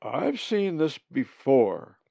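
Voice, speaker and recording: A man voicing a big male raven with a deep, formal, old-fashioned and pompous way of talking, for an audiobook. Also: sing-song, slow pace, vocal fry, dark tone, dry recording, heavily acted. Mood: formal, stern. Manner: old-fashioned, pompous, booming when angry.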